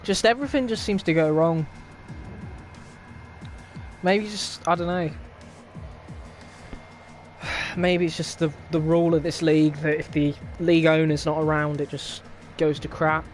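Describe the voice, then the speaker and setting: A man's voice: on the high side, fairly even intonation, moderate pace, faint music behind. A young man hosting a racing league stream, chatting casually in a wry, rambling way and laughing often. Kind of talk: casual live-stream chat.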